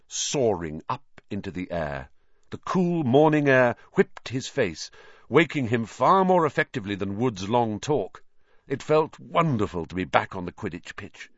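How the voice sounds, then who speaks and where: A man's voice: mid-range voice, dry recording, lo-fi sound. A man narrating an audiobook expressively. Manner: expressive storyteller voicing every character.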